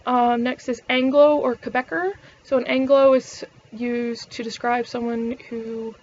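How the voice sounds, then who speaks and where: A woman's voice: fairly high pitch, fairly even intonation, a little slow, a little mellow, highs cut off. A young woman from Canada with a Canadian accent, chatting frankly to camera, swearing and using lots of fillers. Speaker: vlogger. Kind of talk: casual chat to camera.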